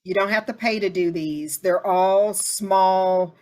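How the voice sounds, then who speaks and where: A woman hosting a casual group discussion, chatty and animated as she tells stories. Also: mid-range voice, slow pace.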